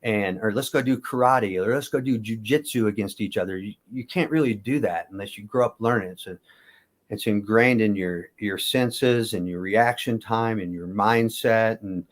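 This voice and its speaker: A middle-aged man from the United States, a former wrestler, telling stories in a casual interview, rambling and correcting himself as he goes. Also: lowish voice. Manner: rambling, self-correcting, chuckles at his own stories. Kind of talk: casual storytelling.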